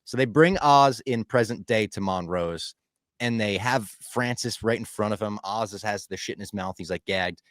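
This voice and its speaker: Young man, podcast co-host, casual chat, animated recap, dry close sound. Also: on the low side, moderate pace, dry recording. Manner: animated, recaps scenes acting out lines.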